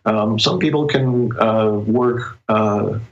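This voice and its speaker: Brief: male author guest, lowish voice, slow reflective delivery with pauses, muffled lo-fi recording. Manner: reflective, thoughtful, pauses often to find words. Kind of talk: casual interview conversation.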